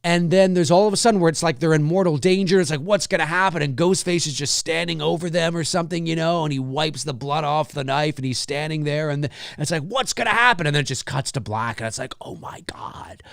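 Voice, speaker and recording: A man hosting his own horror film talk show, talking casually and with animation, and swearing as he acts out excited reactions. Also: a little high, quick pace, gravelly, hardly any pauses, no room sound, studio quality. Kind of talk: casual solo commentary.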